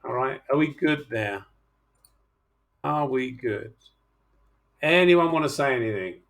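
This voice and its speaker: Gravelly chatty male chemistry teacher. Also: medium pitch, animated, slow pace, a bit bright. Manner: chatty, teasing, coaxing students. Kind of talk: online class walkthrough.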